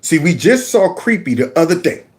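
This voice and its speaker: A man talks through clips on his own channel, his voice pitched high and bouncing all over as he mocks what he plays. He breaks into squeals and laughter between points. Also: normal speed. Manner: animated and mocking, with sudden high squeals and laughs. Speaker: channel host. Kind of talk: political commentary on video clips.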